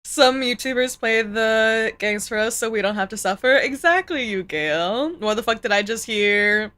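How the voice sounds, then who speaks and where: A woman streamer in casual live-stream chat, animated, groaning and laughing as she reacts to clips. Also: fairly high pitch, moderate pace.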